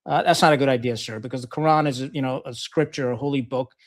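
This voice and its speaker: A man's voice: mid-range voice, fairly even intonation, fast. A middle-aged man from Pakistan, a retired Marine officer, telling war stories as a podcast guest in a frank, profane way, with lots of fillers and restarts. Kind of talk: casual storytelling interview.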